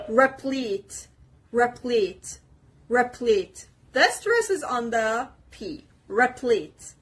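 A woman teaching vocabulary, saying each word slowly and repeating it to model the pronunciation. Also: a little high. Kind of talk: slow, deliberate pronunciation lesson. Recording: audible background noise.

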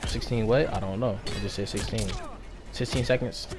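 A man giving excited play-by-play commentary as he plays a fighting game, groaning and exclaiming at every hit. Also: lowish voice, normal speed. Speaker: gaming channel host. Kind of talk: live gameplay commentary.

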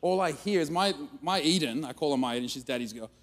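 A man preaching at church, telling a funny family story in an animated, self-mocking way. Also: fairly high pitch, fast. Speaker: guest speaker. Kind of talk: storytelling sermon. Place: church auditorium. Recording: long reverb of a church hall.

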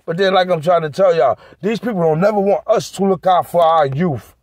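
Heated high-voiced man ranting to camera. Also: a little fast, a little mellow, dry recording. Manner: heated, profane, talks straight to viewers. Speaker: vlogger.

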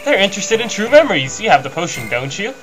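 A man voicing a gentle, worried ragdoll woman from a video game, soft and concerned, with game music behind him. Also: high voice, very animated, fast, pitched above the performer's own voice. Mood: calm.

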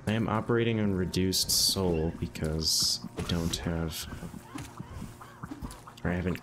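A man's voice: deep voice, measured pace, noisy background. A young man from the northeastern United States streaming a video game, chatting in a rambling, easygoing way full of "um"s and "like"s. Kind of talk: casual live-stream commentary while gaming. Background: game music.

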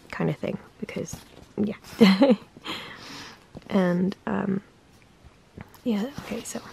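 A young woman talks in a soft, half-whispered vlog voice, croaky and gravelly from just waking up. Her tone is dark and mellow, full of easy "like" fillers. A faint hiss sits behind her. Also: medium pitch. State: croaky morning voice. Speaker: vlogger. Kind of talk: casual morning-routine vlog chat.

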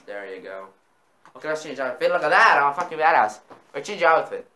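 A man in casual gaming banter, excitable, swearing often and repeating himself while he plays. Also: on the high side, quick pace, roomy sound. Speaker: gamer.

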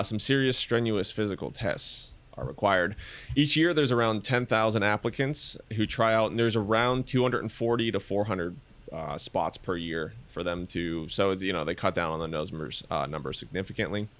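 A man's voice: fairly low pitch, moderate pace, fairly bright tone. A man co-hosting a casual podcast, going through his research notes with frequent fillers and joking asides. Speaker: podcast co-host presenting research.

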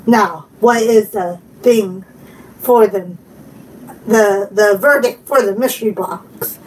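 Speaking slowly at a medium pitch, this channel host chats with her viewers and her dog during a casual live stream from home, giggling a lot along the way. The mic is a bit far off, leaving faint room noise.

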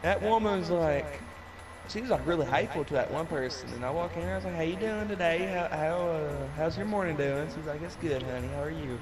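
A young man talks on a gaming party chat in a slightly raised voice and wanders through long stories full of "um" and "uh". Game music plays clearly behind him. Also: a little high, brisk. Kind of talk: casual chat while gaming.

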